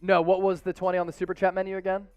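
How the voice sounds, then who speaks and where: A man with a Philadelphia accent hosting a casual live sports stream, excitable and hyping viewer donations with loud outbursts. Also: sits high, rapid-fire, smooth, dry recording, faint music behind. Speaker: sports show host.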